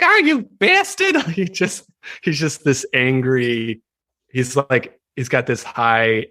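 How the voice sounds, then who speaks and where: A man speaking as a guest in a casual interview, animated and laughing often. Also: mid-range voice, dry recording. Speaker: writer, guest. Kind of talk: casual chat.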